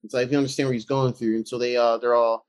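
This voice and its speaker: A man co-hosting a casual movie talk show, rambling excitedly and acting out scenes with lots of fillers. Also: medium pitch, quick pace. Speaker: podcast co-host.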